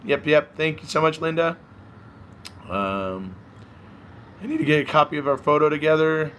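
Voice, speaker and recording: A hoarse man hosting a casual live stream, chatting, reading viewer comments aloud and laughing often. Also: a little high, normal speed, a bit bright, slight background noise. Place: at home by a balcony.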